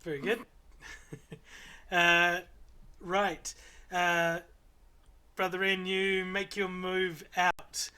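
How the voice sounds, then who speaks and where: A man narrating as game master of a tabletop game, unhurried and pausing often on fillers. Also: high-pitched, monotone, bright, forceful tone, clean tone. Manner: unhurried, many filler pauses.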